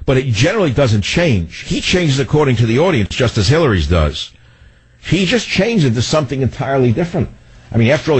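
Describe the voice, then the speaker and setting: A man's voice: medium pitch, slightly rough, poor audio. A middle-aged man hosting a talk radio show, delivering a mocking, sardonic monologue from a radio studio.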